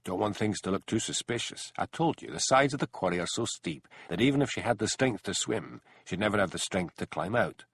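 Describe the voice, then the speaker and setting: A man's voice: lowish voice, lively intonation, a little fast, creaky, hardly any pauses, fairly bright tone, husky, exaggerated voice. A man voicing a ruthless, hot-tempered Scottish husband who gives curt, bossy orders. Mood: commanding.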